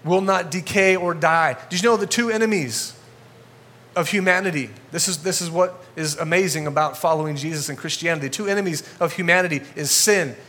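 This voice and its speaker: A male pastor preaching a sermon to a congregation in a church, energetic and conversational, getting fired up as he talks. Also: a little high, a little fast.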